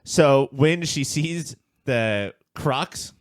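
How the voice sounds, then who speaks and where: A man's voice: medium pitch, animated, extremely slow, no room sound, clean studio sound. A man co-hosting a podcast in casual chat, jokey and swearing casually. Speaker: podcast co-host.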